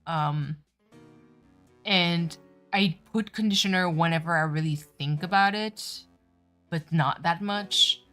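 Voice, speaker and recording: Low-voiced rambling woman streamer. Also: takes it slowly, long pauses, pushed and bright, soft background music. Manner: rambling, filler-heavy. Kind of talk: casual chat on a game stream.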